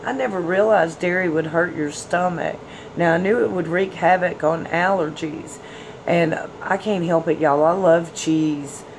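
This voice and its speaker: A woman's voice: lowish voice, moderate pace, slight background noise, low-quality recording. A woman hosting a tarot livestream, chatting casually with viewers and reading their comments. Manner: chatty, folksy, addresses viewers as y'all and hon.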